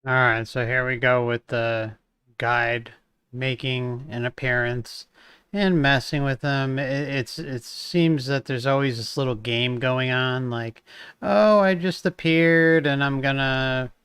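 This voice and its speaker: A man's voice: mid-range voice, little pitch movement, takes it slowly, a bit bright, smooth, dry recording, studio quality. A man giving loose, casual commentary, rambling with restarts. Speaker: channel host giving commentary.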